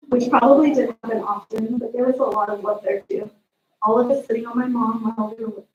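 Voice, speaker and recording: A woman speaking as a sister at a memorial, telling family stories in an animated way. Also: a little high. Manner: storytelling, animated retelling of family moments. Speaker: sister giving a eulogy. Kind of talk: memorial eulogy with family anecdotes. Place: memorial service room. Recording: distant echoey room mic, dull sound.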